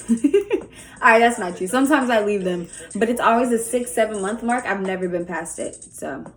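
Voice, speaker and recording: A young woman vlogger with a higher, expressive voice answers viewer questions at a normal speed. She's chatty and candid, saying "like" constantly, with faint music audible early on.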